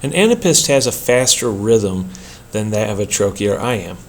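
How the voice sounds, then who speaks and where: Man, lowish voice, workshop instructor, measured lecture delivery. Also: big pitch swings. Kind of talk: scripted lecture narration.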